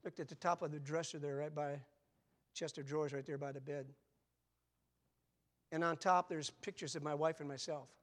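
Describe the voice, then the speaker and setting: A man in his seventies preaching a sermon, moving from quiet, conversational asides to loud, emphatic calls. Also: on the high side, fairly even intonation, moderate pace, pauses often. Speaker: pastor.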